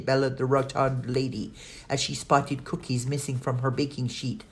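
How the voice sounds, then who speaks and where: A woman narrating a children's audiobook in a steady storytelling manner. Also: rumbling low, normal speed.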